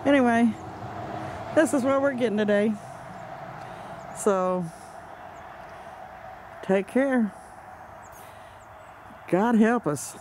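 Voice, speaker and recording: A man's voice: very high-pitched, very slow, long pauses, darkish tone, slight background noise. A man filming outdoors with a handheld camera, talking in an agitated, exasperated way and swearing now and then. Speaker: amateur video maker. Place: outdoors under open sky. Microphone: handheld camera mic.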